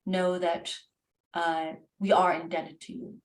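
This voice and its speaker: A woman's voice: on the low side, level tone, slow. A woman voicing a grateful, formal male wereraven winemaker, recorded roomy and from a distance. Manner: polite, formal and heartfelt.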